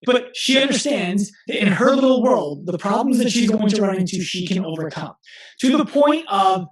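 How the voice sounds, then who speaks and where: A man in his thirties, a guest in an interview, talking earnestly and telling stories with quick restarts. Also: sits high, expressive, reverberant, poor audio. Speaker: guest, physical therapist and coach. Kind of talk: conversational interview.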